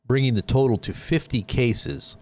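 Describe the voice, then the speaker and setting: A man hosting a casual livestream, reading news headlines and thinking out loud in a rambling way. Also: medium pitch, moderate pace.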